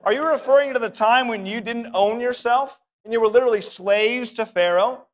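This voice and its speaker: A man's voice: very high voice, normal speed. A man preaching a sermon in a church, emphatic and given to repeating phrases for effect. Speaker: pastor.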